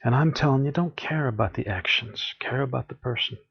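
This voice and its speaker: A man's voice: mid-range voice, fairly quick, gravelly, breathy edge, muffled recording. A man giving an earnest, encouraging spiritual talk, often acting out what people say. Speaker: spiritual teacher.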